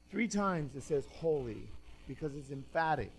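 A man preaching a sermon as pastor, reading scripture aloud with dramatic stress and swinging from loud emphatic lines to quiet asides. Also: on the high side, animated, moderate pace.

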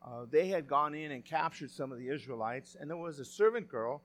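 High-voiced male pastor preaching. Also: lively intonation, a little fast. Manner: conversational preaching, with frequent restarts and retelling of stories. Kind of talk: sermon.

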